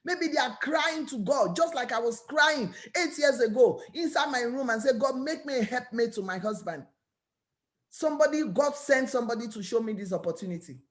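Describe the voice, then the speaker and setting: High-voiced woman with a Nigerian accent, pitching eagerly. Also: moderate pace. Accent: Nigerian English. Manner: energetic, repetitive, preachy. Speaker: network marketing business owner. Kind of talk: motivational talk to camera.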